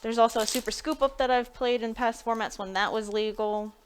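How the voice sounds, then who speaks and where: A woman's voice: on the high side, fairly even intonation, a little fast, a little hiss or hum. A woman chatting casually on a live stream while opening card packs, thinking aloud and laughing between remarks. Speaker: live-stream pack opener.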